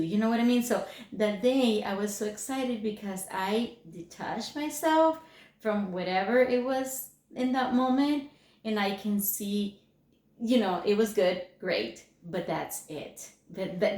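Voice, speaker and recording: A middle-aged woman speaks to a class in a loose, rambling way, full of fillers and false starts. Her voice sits at an ordinary pitch for a woman. The room adds a clear echo around her. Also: a little mellow. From Mexico. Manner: rambling, many fillers and restarts. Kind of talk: personal story talk. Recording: echoey room.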